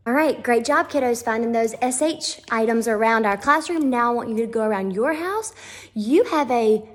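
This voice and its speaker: In an empty classroom, a kindergarten teacher gives young children a playful phonics lesson, gasping and acting surprised along the way. Her slightly high voice is expressive and brisk, with a roomy sound.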